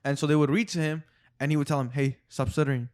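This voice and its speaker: A man talking as a podcast guest, telling stories fast and swearing often in casual chat. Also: on the high side, fairly even intonation, darkish tone. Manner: fast, profane storytelling. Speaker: podcast guest, studio owner.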